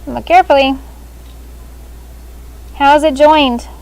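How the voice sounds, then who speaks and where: High-voiced woman teaching a classroom. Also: fairly even intonation, vocal fry, darkish tone, poor audio. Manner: brisk, calls on students by name. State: speaking through a face shield. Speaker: sixth grade language teacher.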